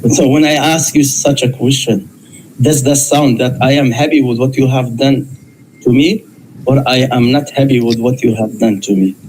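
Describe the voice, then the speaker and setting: Insistent man debating, mellow voice. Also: mid-range voice, steady tone, normal speed, slight background noise, low-quality recording. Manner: insistent, repeats questions to press a point. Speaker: Muslim debater. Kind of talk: live online debate.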